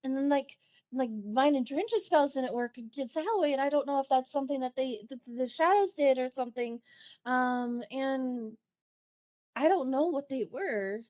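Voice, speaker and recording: A woman's voice: high voice, normal speed, a little mellow. A woman playing in a tabletop game, speaking hesitantly in character with many restarts. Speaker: player. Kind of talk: in-character tabletop role-play.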